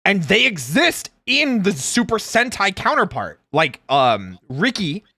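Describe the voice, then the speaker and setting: A man hosting a live stream, chatting casually while reacting to a video, animated and quick to laugh. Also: high voice, dry recording, clean studio sound. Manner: animated, laughs easily, says "like" often. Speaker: streamer host.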